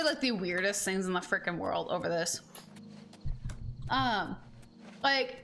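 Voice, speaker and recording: A young woman streaming a game and telling a rambling story in casual chat, full of "like" fillers. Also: fairly high pitch. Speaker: gaming streamer. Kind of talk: casual chat over gameplay.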